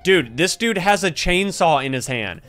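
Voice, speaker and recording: A man's voice: fairly high pitch, moderate pace. A young man doing let's-play commentary of a horror game, talking to viewers and yelping at every scare. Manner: excitable, yelps and shouts at scares; talks to viewers as "you guys". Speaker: gaming YouTuber. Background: game music.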